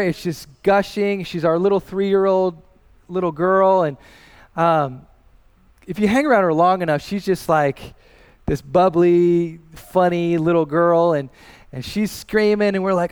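A man's voice: high voice, fairly even intonation, a little slow, smooth. A man in his thirties preaching a sermon as pastor, earnest and personal, rising in emphasis as he tells a family story.

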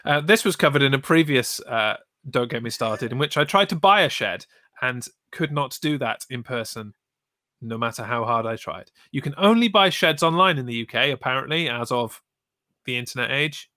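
A man co-hosting a casual chat show, making dry, deadpan jokes. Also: medium pitch, moderate pace, no room sound. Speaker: podcast co-host reading chat.

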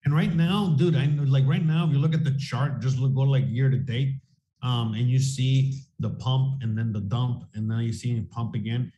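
A man in casual chat about coins, rambling and profane. His voice is mellow and dark, at a middle pitch. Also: fairly even intonation, normal speed. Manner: rambling, profane, full of "you know what I mean". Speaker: co-host of a crypto livestream.

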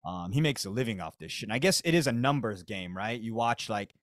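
A man with an American accent talks casually through a comedy monologue. His speech is full of slang and swearing, and his pitch jumps around expressively. The recording is dry and close. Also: animated, fairly quick, no room sound. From United States. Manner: slangy, profane, laid-back bro talk. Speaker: podcast host.

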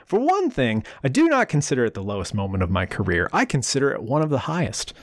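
A man's voice: mid-range voice, wildly swooping pitch, fast talker, no echo, clean studio sound. A man voicing a snotty, defensive retired male athlete in a mocking read-aloud impression. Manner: defensive, haughty.

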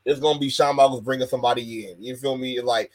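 A man's voice: mid-range voice, fairly even intonation, fast talker, low-quality recording. A man co-hosting a casual wrestling podcast, laid-back and chatty, often checking in with his partner. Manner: laid-back, keeps asking "you feel me". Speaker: podcast co-host.

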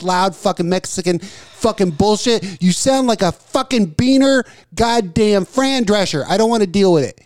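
High-voiced man ranting crudely. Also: dry recording, studio quality. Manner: profane, ranting, emphatic. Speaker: podcast co-host. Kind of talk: crude casual radio banter. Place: small studio with desk mics.

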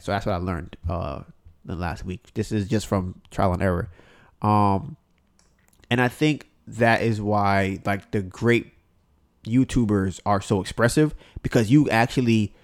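A man hosting a casual podcast, talking bluntly with plenty of swearing and often acting out what other people said. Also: on the low side. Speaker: podcast host.

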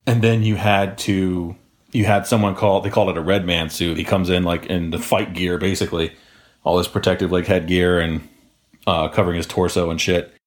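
A man's voice: sits low, level tone, normal speed. A man co-hosting a podcast, telling stories from his deputy days in a casual, profane, laughing way. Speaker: podcast co-host, former jail deputy.

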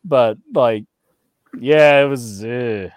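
A man's voice: medium pitch, very slow, clear, resonant tone, no room sound. A man co-hosting a wrestling podcast, chatting casually and ranting with a lot of profanity. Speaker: podcast co-host. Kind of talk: casual chat.

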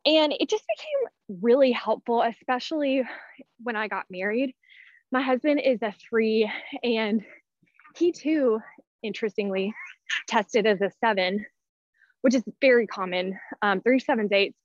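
Speaking unhurriedly with long pauses, this woman has a fairly high pitch and lively intonation, and there's no room sound. In her thirties, she's a personality-type teacher on a podcast as a guest, breathless and casual with many fillers and restarts. Audio is dull, dry and lo-fi.

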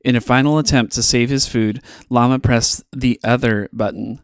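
A man hosting a podcast, reading a children's storybook aloud in an expressive, playful way with dramatic pauses. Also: mid-range voice, clear, resonant tone, dry recording, clean studio sound.

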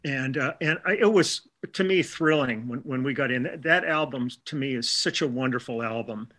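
A man's voice: mid-range voice, moderate pace, sharp tone. An older man from Milwaukee, a session musician being interviewed, telling chatty stories with restarts and quoted dialogue. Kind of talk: casual storytelling interview.

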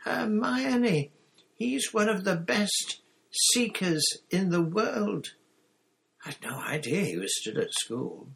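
A man voicing an excitable teenage boy who is eager and quick to exclaim in a storybook reading. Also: medium pitch, husky, voice pushed up, full character voice. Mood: awestruck.

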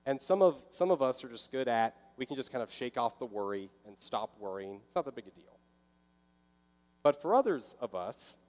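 A man's voice: mid-range voice, a little mellow. A man delivers a sermon in an easy, conversational manner. He sometimes slips into short voices of a worried listener. His voice rings with a long hall reverb. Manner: conversational, acts out inner voices. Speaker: pastor.

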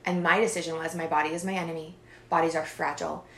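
A woman in her thirties, a podcast guest talking in a lively, expressive way and often laughing. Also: low voice, quick pace. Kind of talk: casual interview chat. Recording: roomy echo.

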